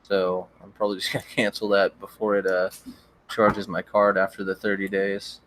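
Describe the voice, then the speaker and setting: A young man hosting a livestream, chatting casually with viewers in a relaxed, rambling way with frequent stammered restarts. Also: deep voice, normal speed, dry recording. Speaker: livestream host. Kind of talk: casual chat reading viewer comments.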